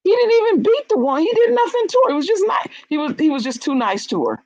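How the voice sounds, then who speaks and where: A woman's voice: very high-pitched, sing-song, fast talker, darkish tone, dry recording, highs cut off. A woman in casual chat, telling stories bluntly and animatedly with frank, salty language.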